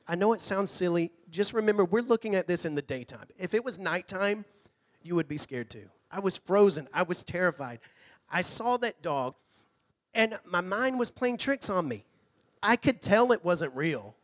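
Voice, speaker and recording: A man preaching a sermon in a church, earnest, sometimes dropping to a hush. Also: high voice, expressive, moderate pace. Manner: earnest preaching, drops to a hush on quoted lines. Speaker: pastor. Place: church hall.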